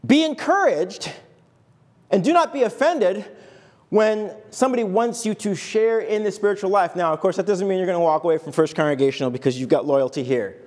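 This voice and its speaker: A man's voice: sits high, fairly quick, a little mellow. A male pastor giving a conversational sermon in church, acting out quoted lines with humor. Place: church sanctuary.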